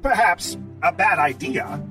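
Male actor as a theatrical robot commentator, dripping sarcasm, higher voice, music bed behind. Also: animated, a little slow, distant mic. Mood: sarcastic. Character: sardonic mechanoid commentator, dramatic and fussy.

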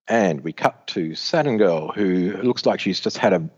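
A man co-hosting a podcast, recapping a comic aloud in an animated storytelling manner. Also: deep voice, moderate pace. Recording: dull lo-fi recording.

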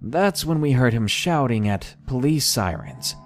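A man narrating a scary first-person story for a podcast, measured and deliberate. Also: medium pitch, animated, faint music behind. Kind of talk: scripted horror story narration.

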